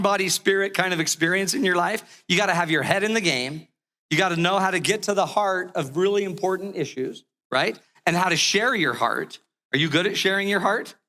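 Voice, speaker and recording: A middle-aged male speaker with a high voice gives an energetic talk from the stage. His tone is bright and forceful, and he acts out a funny family story, laughing at himself as he goes. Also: fairly quick. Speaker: relationship educator giving a talk.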